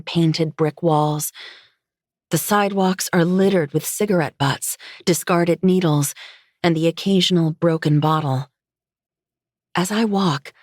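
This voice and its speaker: A woman reading a first-person novel aloud in a steady, low-key audiobook narration. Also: no echo, clean studio sound.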